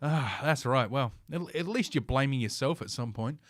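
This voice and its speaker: A man's voice: mid-range voice, lively intonation, normal speed, no room sound. A man hosting a podcast, ranting with scorn and heavy swearing while reading an article aloud. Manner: profane, scornful, sarcastic. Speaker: podcast host. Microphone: podcast mic.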